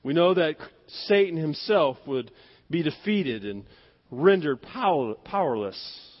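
A man preaching a sermon with emphatic delivery, dropping to near-whispers and rising to stressed loud words, asking the congregation to repeat phrases after him. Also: on the high side, expressive, a little slow. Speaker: pastor. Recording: dull lo-fi sound.

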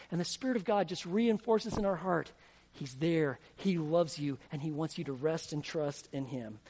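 A man's voice: high-pitched, darkish tone. A man preaching a sermon as pastor, emphatic and asking the congregation questions. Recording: long hall reverb.

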